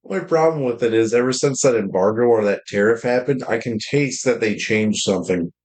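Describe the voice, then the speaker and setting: A man streaming games in casual chat, talking in a deep, slightly loud voice and rambling with lots of fillers and restarts. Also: a little fast, low-quality recording. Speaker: game streamer.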